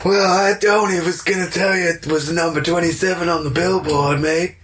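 A smarmy former American president, as a man puts him on with an exaggerated American accent. The voice sits higher than the man's own and stretches its lines in a flirty, joking way. It plays as a comic impression among friends. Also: fairly even intonation, fairly bright tone, a little hiss or hum, lightly acted. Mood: teasing. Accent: put-on American. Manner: jokey, flirty, drawn-out lines.

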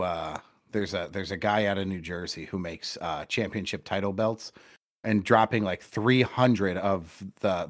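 A young man with a somewhat low voice co-hosts a laid-back sports podcast. He rambles, swears freely and gets excited about his wins. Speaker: podcast co-host. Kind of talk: casual chat.

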